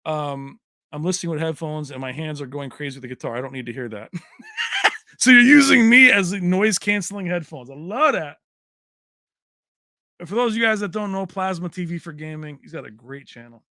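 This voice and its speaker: A man hosts a casual tech livestream, talking to his viewers in a chummy, animated way. His voice is bright and sits somewhat high for a man. The sound is dry and close, with no room around it. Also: brisk, no room sound. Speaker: tech channel host.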